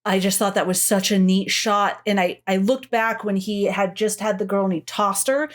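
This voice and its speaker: A middle-aged woman talks casually on a podcast, swearing freely and playing out her reactions in quoted asides. Her pitch sits in a typical middle range for a woman. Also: steady tone, moderate pace. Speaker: podcast co-host. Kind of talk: casual chat.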